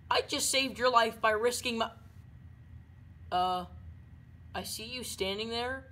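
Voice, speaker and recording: A woman doing loud, silly running commentary while playing a game. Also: a little high, slow. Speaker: gaming video creator.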